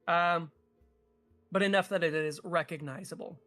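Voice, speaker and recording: A man's voice: fairly high pitch, steady tone, normal speed, bright, forceful tone, faint music behind. A man narrating a tabletop game as game master, hesitant and full of filler sounds.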